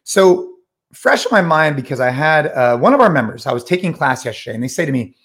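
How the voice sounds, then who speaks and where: A man's voice: on the high side, a little fast. A middle-aged man hosting a short solo podcast, talking casually and with energy, often retelling conversations. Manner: energetic, conversational, retells chats with quoted voices. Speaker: podcast host.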